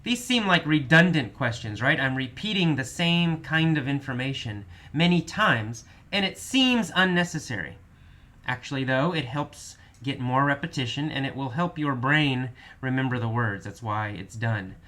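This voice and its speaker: A man teaching English vocabulary, patiently explaining each word with slow, repeated restatements. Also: mid-range voice, lively intonation, sharp tone. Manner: patient, repeats definitions slowly with many restatements. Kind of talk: vocabulary lesson explaining words.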